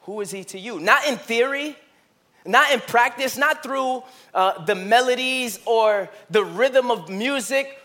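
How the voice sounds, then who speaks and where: Male preacher, high and bright, passionate sermon storytelling that shifts between loud and hushed. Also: measured pace. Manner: personal storytelling, rising to impassioned emphasis then dropping to hushed questions. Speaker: pastor. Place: church.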